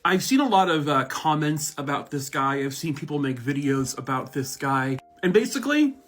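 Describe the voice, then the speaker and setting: A man giving casual true crime vlog commentary, blunt and sarcastic and quick to swear. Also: on the high side, animated, a bit bright. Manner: blunt, sarcastic, profane ranting. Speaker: true crime content creator.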